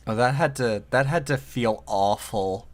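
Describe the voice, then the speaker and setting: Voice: medium pitch, unhurried. A podcast co-host in casual chat, laid-back and joking.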